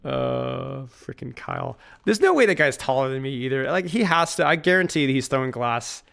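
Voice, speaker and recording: Male streamer, gravelly mid-range voice, loose jokey rambling with chat. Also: mid-range voice, expressive, normal speed, fairly bright tone. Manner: joking and rambling, laughs at his own lines. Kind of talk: casual live-stream chat with viewers.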